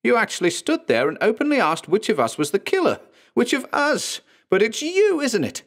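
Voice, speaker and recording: A man voicing a paranoid man who hurls accusations, shrill and rising to a fever pitch. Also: lively intonation, normal speed, lightly acted. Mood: accusing.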